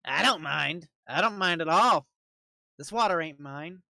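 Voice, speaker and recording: A man's voice: on the high side, animated, unhurried, gravelly, sharp tone, dry recording, heavily acted. A man voicing a crotchety, leathery old witch woman with seaweed hair, speaking in a folksy, dismissive drawl.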